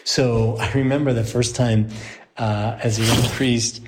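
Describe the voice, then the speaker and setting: Man, priest, 40s, storytelling to a group, animated, faint background noise. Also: mid-range voice, a little slow. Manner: animated storyteller, laughs at his own anecdotes.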